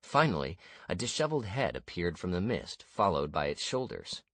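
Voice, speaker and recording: A man narrating a first-person fantasy audiobook in a steady, measured way. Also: sits low, no echo.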